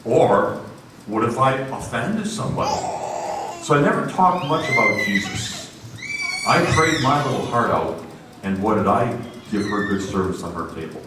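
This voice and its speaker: A man preaching a storytelling sermon in a lively, conversational way, recorded in an echoey hall from far off. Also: fairly low pitch, normal speed, very noisy.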